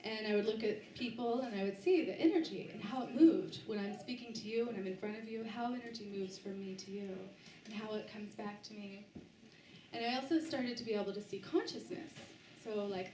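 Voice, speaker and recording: A woman's voice: mid-range voice, warm tone, far from the mic, a little hiss or hum. Woman telling her story in a roomy hall. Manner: halting, with frequent restarts and fillers. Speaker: author giving a book talk. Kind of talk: personal story told to a live audience. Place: bookstore event space, indoors.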